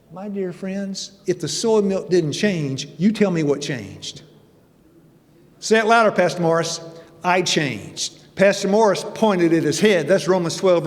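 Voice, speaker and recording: A man in his sixties preaches in a folksy, joking, conversational way, his voice sitting a little higher than most men's. The sound carries a long reverb from a church sanctuary. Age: 60s. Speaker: church elder and guest speaker. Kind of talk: sermon with personal testimony.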